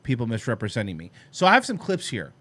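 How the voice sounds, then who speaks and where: A man's voice: mid-range voice, huge pitch swings, fast, pushed and bright. Guy co-hosting a talk show, sarcastic, reading an article and mocking it. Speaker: co-host. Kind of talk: casual commentary on clips.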